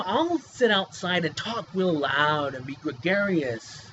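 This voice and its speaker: A man's voice: on the high side, big pitch swings, takes it slowly, bright, forceful tone. A man talking to camera in a rambling, agitated, pleading way, full of restarts and fillers, in a personal vlog. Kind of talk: emotional personal monologue. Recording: dull lo-fi sound with clear background hiss.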